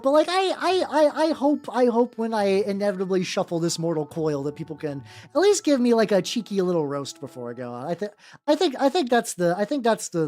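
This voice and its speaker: Rambling, stammering streamer with a lively voice. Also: mid-range voice. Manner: rambling, stammering restarts, casual swearing. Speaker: streamer painting miniatures. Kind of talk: casual chat while painting.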